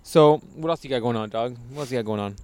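A man from Arizona co-hosting a casual podcast chat. He is animated and swears freely, laughing at his own jokes. His voice sits at an ordinary pitch in a dry space with no room sound. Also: quick pace, smooth, no echo. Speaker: podcast co-host.

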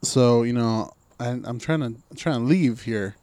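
A man's voice: medium pitch, measured pace, warm tone. A man co-hosting a podcast in casual chat, laid-back and wry, swearing freely. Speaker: podcast co-host.

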